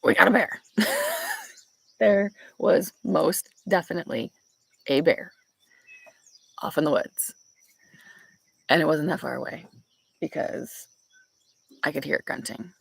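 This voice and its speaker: Young woman, gravelly and husky, chatty storyteller, porch vlog with birds outside. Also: low-pitched, lively intonation, a little slow, pauses often. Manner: chatty, storytelling, laughs often. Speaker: vlogger. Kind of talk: casual chat with live viewers. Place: back porch outdoors.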